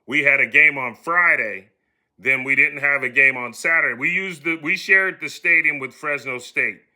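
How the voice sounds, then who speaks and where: Animated middle-aged man telling a story. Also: a little high, normal speed. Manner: animated, acts out quoted voices. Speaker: podcast host telling his story. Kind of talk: casual storytelling.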